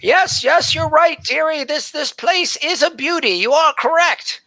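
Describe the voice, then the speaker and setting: Fussy old elf scribe woman, put on by a man in a very high gravelly voice, doting, flustered. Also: a little slow, bright, forceful tone, dry recording, heavily acted. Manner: flustered, stammering, calls people dearie.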